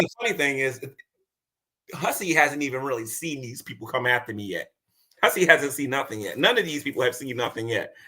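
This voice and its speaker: Male streamer, bright and animated delivery, boastful and taunting. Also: fairly high pitch. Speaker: streamer reacting to clips. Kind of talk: casual livestream commentary.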